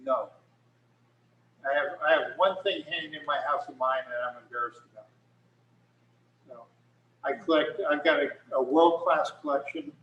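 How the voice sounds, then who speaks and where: Animated man telling photography stories. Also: a little high, distant mic, muffled recording, slight background noise. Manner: animated, rambling with many restarts. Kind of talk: casual storytelling talk. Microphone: video call. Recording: echoey room, speaker off mic.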